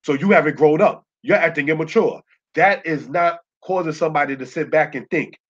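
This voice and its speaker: A man teaching a Bible lesson in a preacherly way, often checking with his listeners and slowing down to spell out Hebrew words. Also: on the high side, fairly bright tone. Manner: preacherly, keeps asking "You understand?". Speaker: Torah teacher. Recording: muffled lo-fi recording.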